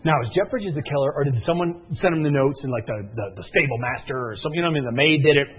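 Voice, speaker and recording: A husky man with a slightly high voice, retelling a film plot as a comedy routine. His pitch leaps around wildly and he builds to shouting as the twist comes. The sound is thin and tinny, like it came over a phone. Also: racing. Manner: excitable storyteller who gets louder and shouts as the story builds. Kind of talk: comic retelling of a movie plot.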